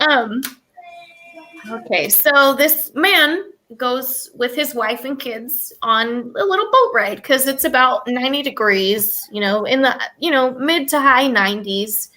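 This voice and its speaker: A woman with a high, lively voice tells a story on a casual podcast. She rambles and restarts often, and her pitch swings widely from line to line. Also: a little slow. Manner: rambling, many fillers and restarts. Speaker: podcast co-host.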